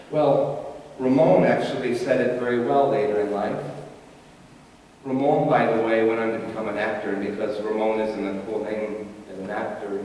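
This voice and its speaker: A man's voice: mid-range voice, dark tone, distant mic, slight background noise. A male pastor giving a conversational, humorous sermon in a church, heard from afar in an echoey hall.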